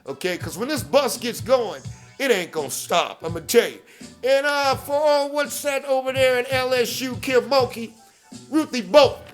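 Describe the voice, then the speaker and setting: High-voiced man hyping his podcast. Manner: hype-driven, repeats catchphrases, peppers with "okay?"; shouts out people by name. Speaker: podcast host. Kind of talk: promotional monologue.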